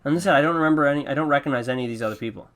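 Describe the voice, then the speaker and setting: A man's voice: medium pitch, very fast, a bit bright. A man hosting a casual commentary, talking in a profane, self-mocking, rambling way. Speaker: podcast host. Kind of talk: casual commentary on his old videos.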